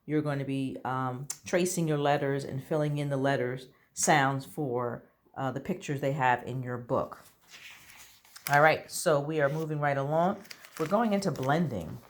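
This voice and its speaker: A woman's voice: rumbling low, a little slow. A woman teaching an online phonics lesson to young children, sounding out letters patiently and praising correct answers. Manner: encouraging, checks in with children.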